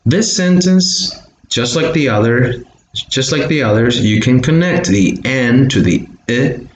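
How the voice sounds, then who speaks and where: In a medium-pitched, animated voice, a little slow, a man with a Bolivian Spanish accent teaches English online. He patiently says example sentences again and again for pronunciation practice, and the echoey room carries a faint hiss.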